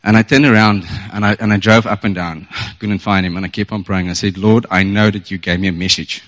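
A man tells a personal story at church, earnest and quick to get emotional, breaking into small chuckles. His voice sits low. The recording is dull and muffled. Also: steady tone, a bit bright, long reverb tail. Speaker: church member sharing a testimony. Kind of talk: storytelling testimony. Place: church service.

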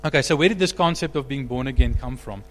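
A man preaching a sermon as pastor, animated, rising to loud emphatic peaks. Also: medium pitch, fast talker, in a large hall, soft background music.

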